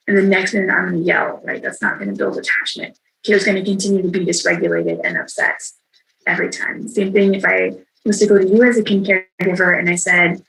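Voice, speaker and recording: Over a video call, a woman with a medium-pitched, creaky, fairly bright voice runs a virtual training for caregivers at a quick pace. She keeps it conversational, repeatedly checking in with "right?", and the recording is rough.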